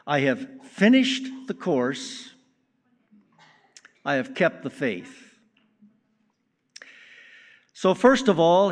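A man preaching a sermon in a slow, deliberate way with strong emphasis on key words. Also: on the high side. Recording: long reverb of a large hall.

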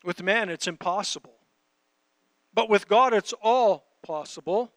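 A man's voice: high voice, measured pace, fairly bright tone, no room sound. A man preaching a conversational sermon, reading scripture and talking directly to his audience. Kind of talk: sermon teaching.

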